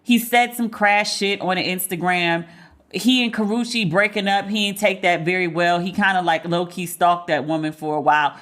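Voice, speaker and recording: A middle-aged woman hosting a podcast, giving blunt, profane commentary and animated stories full of quoted dialogue. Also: fairly low pitch, moderate pace. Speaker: podcast host. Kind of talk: candid solo commentary.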